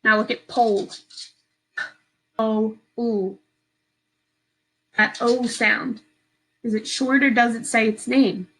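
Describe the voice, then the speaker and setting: A woman teacher giving a slow, patient, step-by-step phonics lesson to young children from home. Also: on the high side, steady tone, a bit bright, slight background noise, rough recording.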